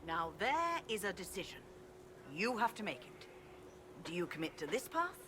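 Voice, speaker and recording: An actress voicing a formal, solemn female spirit who trains mages in a video game, speaking slowly and deliberately. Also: medium pitch, very animated, background noise, close to an everyday voice.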